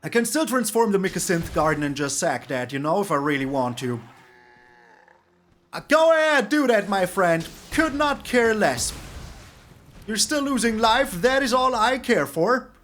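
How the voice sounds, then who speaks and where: A man giving excitable gameplay commentary on a card game, exclaiming and repeating words for emphasis. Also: sits high, normal speed, a little hiss or hum. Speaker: streamer playing a card game.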